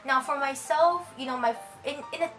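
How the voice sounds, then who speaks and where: A woman's voice: high voice, fairly quick, fairly bright tone, soft background music, poor audio. A young woman from China with a Canadian accent and Cantonese as her first language, chatting casually as a vlogger and reading words out one at a time. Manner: chatty, reads a word list one word at a time. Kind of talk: casual chat.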